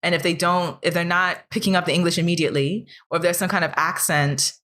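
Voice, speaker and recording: A woman from the United States co-hosting a podcast, talking things through in a thoughtful, earnest way that grows animated when she makes a point. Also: lowish voice, fast talker. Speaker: podcast co-host. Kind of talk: casual podcast discussion.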